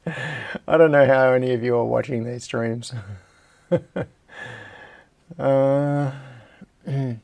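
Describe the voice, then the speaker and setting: Gravelly Australian man tinkering on a livestream. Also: mid-range voice, steady tone, slow, long pauses, a little mellow. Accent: Australian, with a slight American tinge. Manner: rambling, self-mocking, talks to himself while tinkering. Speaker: host. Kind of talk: casual livestream, thinking aloud while working.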